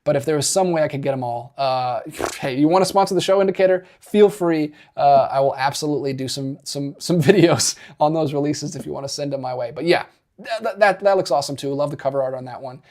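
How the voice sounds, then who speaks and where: A man with a slightly higher voice hosts a casual livestream and chats with his viewers. He talks in an upbeat, rambling way, full of fillers, false starts and quick self-corrections. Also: a little mellow. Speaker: physical media YouTube host. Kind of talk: casual livestream chat reading viewer comments.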